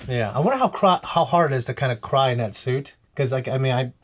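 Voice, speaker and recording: A man's voice: mid-range voice, fast. Chatty man telling stories. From Philippines heritage. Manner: rambling, animated storytelling with restarts. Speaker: reaction show co-host. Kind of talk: casual chat.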